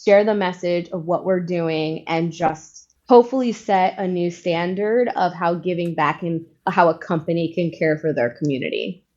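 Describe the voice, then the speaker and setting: A woman's voice: lowish voice, normal speed, darkish tone. A woman from Puerto Rico, a guest on an interview show, speaking earnestly and with conviction in casual chat. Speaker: guest, credit union foundation leader. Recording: dull lo-fi sound.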